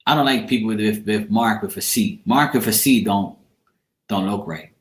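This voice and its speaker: A man's voice: fairly low pitch, moderate pace. Chatty man talking to his live chat. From Bermuda. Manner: rambling, chatty, answers chat comments by name. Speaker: tarot reader on a live stream. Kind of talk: casual chat with live viewers. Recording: echoey room.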